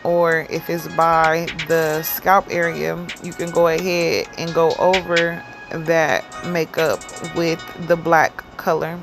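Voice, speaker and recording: A woman giving a casual hair tutorial, explaining each step in a chatty, relaxed way with plenty of fillers. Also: on the low side. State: cold and yawning. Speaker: hair stylist demonstrating a wig.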